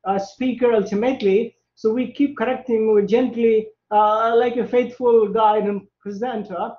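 Guy with a really high voice giving an academic talk, keeps repeating words, echoey room, kinda dull lo-fi sound. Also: steady tone, moderate pace. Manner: stops and repeats words as he builds sentences. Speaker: conference presenter on language teaching.

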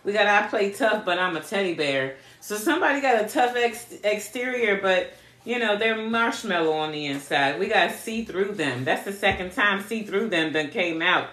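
A woman's voice: mid-range voice, animated, moderate pace, a bit bright, echoey room. Blunt laughing woman reading cards. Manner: blunt, profane, laughs a lot; chats with viewers. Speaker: spiritual card reader. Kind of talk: casual live card reading.

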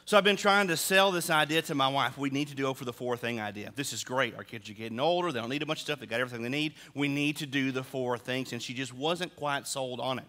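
In a church sanctuary, a middle-aged male pastor preaches a sermon full of humorous, animated stories. His mid-range voice is bright and forceful, and he talks fast with hardly any pauses, while the large hall adds long reverb.

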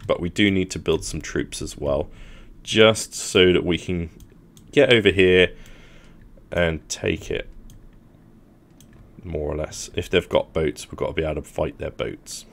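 A man's voice: deep voice, measured pace, gravelly, long pauses. A man hosting a gaming channel, thinking aloud in casual commentary as he plans his moves.

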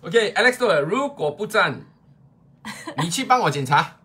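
A man's voice: sits high, animated, moderate pace, sharp tone, husky. A Singaporean man in his fifties selling on a live stream, chatting casually with playful teasing and exaggerated pleas. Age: 50s. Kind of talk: casual live-sale chat.

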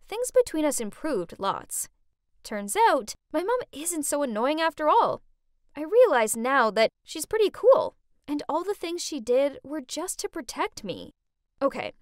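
Brief: woman narrator, high bright pitch, very lively swings, dry close sound, dramatic storybook read. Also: no room sound. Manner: animated, exclamatory, dramatic. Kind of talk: scripted first-person story narration.

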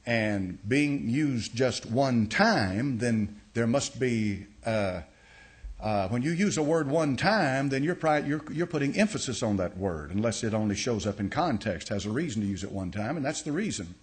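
Folksy pastor teaching a sermon. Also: male voice, mid-range voice, lively intonation, moderate pace. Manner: folksy, explains step by step, many restarts and uh.

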